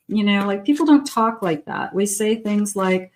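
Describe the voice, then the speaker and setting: A woman's voice: medium pitch, moderate pace, few pauses, darkish tone. A middle-aged woman reading love tarot cards in a loose, conversational manner. She sometimes slips into short imagined quotes as she explains what the cards show. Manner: conversational, voices imagined lines for the person. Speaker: tarot reader.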